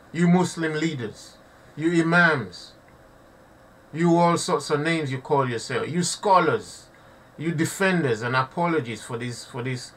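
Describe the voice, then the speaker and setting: A man's voice: a little high, a bit bright, far from the mic, a little hiss or hum. A man giving impassioned live commentary to his audience, preaching and repeating himself, often calling listeners family. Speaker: online preacher.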